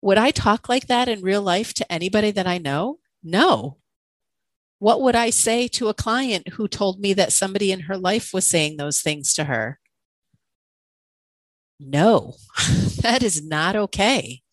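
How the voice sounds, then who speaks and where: A woman's voice: mid-range voice, lively intonation, a little slow, no echo, poor audio. A woman co-hosting a podcast, a coach, talking candidly and questioning herself, with frequent laughter. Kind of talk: reflective conversational podcast talk.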